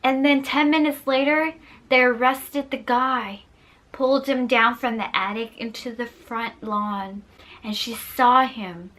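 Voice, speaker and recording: A woman's voice: fairly high pitch, fairly even intonation, unhurried, fairly bright tone. A young woman casually telling a scary story to her viewers, playfully acting out voices and sound effects. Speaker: storyteller vlogger.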